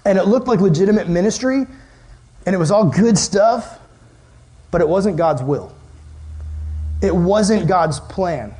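Pausing often and speaking a little slowly in a high voice, a young man gives a casual youth sermon as a youth pastor. He tells stories with animation, dropping in many "like" fillers.

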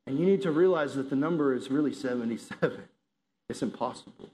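A man's voice: mid-range voice, fast, a little mellow. A man preaching a sermon to a congregation, earnest and building to intense emphasis.

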